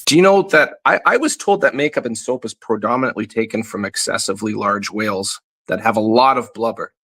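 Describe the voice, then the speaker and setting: A man's voice: fairly low pitch, a little fast, a bit bright. A man appearing as a guest on a comedy talk show, goofy and playful while promoting his comic. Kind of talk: comedic podcast banter.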